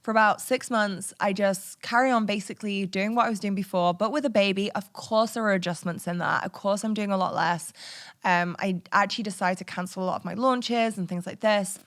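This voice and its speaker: A woman's voice: medium pitch, steady tone, a little fast, fairly bright tone. Woman in her thirties, podcast host; frank, chatty personal storyteller who laughs easily. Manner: frank and chatty, swears casually, laughs often.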